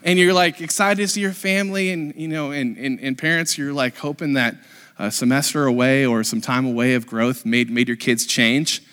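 A man in his thirties, a pastor, giving a lively, joking live sermon to his congregation, with lots of fillers and restarts. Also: medium pitch, moderate pace, clean tone. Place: church sanctuary with a congregation. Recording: long reverb of a church hall.

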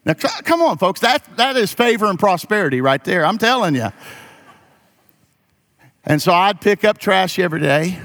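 A man's voice: sits high, sing-song, moderate pace, long pauses, a bit bright. A pastor preaching a sermon, moving from folksy stories to emphatic calls to his congregation.

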